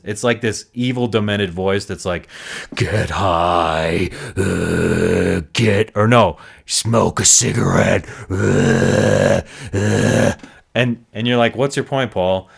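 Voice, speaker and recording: A man hosting a solo recovery podcast, talking earnestly and reflectively with frequent restarts. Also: fairly low pitch.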